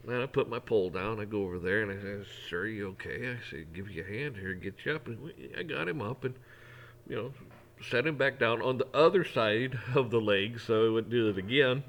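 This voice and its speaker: A man's voice: fairly low pitch, brisk, fairly bright tone. A middle-aged man talking in a casual, folksy way, rambling through an opinion monologue with frequent restarts. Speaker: vlogger.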